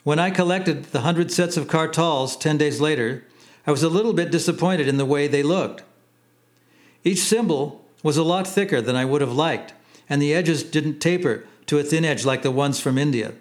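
Guy reading his memoir, slightly high voice, easygoing pace. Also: moderate pace. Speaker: narrator. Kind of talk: memoir audiobook narration.

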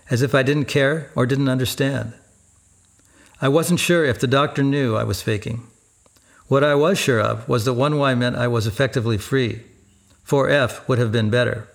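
A man narrating a first-person memoir in a steady, even storytelling manner. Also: medium pitch, vocal fry.

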